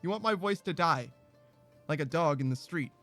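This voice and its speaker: A man's voice: on the high side, lively intonation, moderate pace, a bit bright, faint music behind. A man narrating a game playthrough, joking and laughing often between the passages he reads aloud. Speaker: streamer reading a game aloud.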